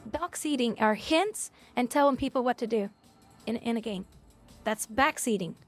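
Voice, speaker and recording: A woman's voice: a little high, moderate pace, faint music behind. A woman game streamer talking casually to her chat, bluntly scolding viewers and swearing now and then.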